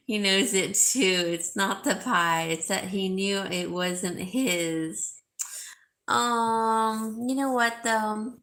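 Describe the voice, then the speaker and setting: A woman's voice: mid-range voice, extremely slow, a bit bright. A woman hosting a live sale stream, chatting casually and reading viewer comments, rambling with fillers and restarts. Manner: gushing, repeats herself for emphasis.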